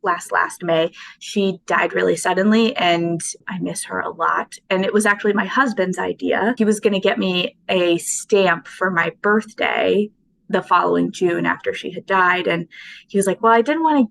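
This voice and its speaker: A woman's voice: on the low side, fairly even intonation, normal speed, gravelly, a bit bright, a little hiss or hum, poor audio. A woman, a guest potter on an interview podcast, talking casually and thoughtfully with frequent fillers.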